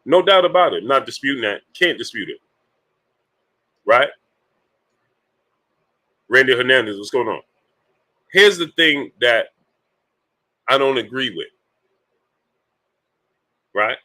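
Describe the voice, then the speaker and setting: Casual male livestream host, bright forceful voice, breaks off to shout out chat viewers. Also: medium pitch, slow, pauses often, low-quality recording. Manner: greets viewers by name between points, many fillers. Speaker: boxing talk livestream host.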